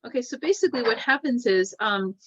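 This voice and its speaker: In a dull, dry, lo-fi classroom recording with no room sound, a female lecturer teaches a class. Her voice is fairly high, expressive, fairly quick and fairly bright as she explains step by step while drawing, often checking in with "right?"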